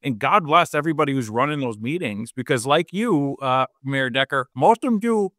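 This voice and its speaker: A male panelist gives wry, opinionated remarks in a casual discussion. His voice sits at a medium pitch. The sound is dry. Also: expressive, normal speed, sharp tone, dry recording.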